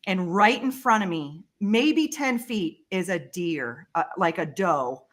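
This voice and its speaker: A woman, a guest on a talk show, telling a personal story with lively, emotional delivery. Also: fairly low pitch, slow pace. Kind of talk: storytelling in a casual interview.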